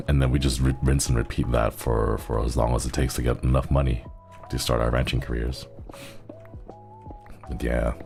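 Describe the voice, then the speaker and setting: Male streamer, very low and gravelly, rambling chat over faint music, throat a bit strained. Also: a little mellow. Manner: rambling, chuckles often, thanks viewers. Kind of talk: casual gaming stream chat.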